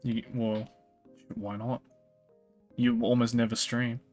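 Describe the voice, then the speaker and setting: A man's voice: medium pitch, little pitch movement, slow, a little mellow, soft background music. A man hosting a casual livestream chat, joking and cheeky, swearing freely. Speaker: streamer host.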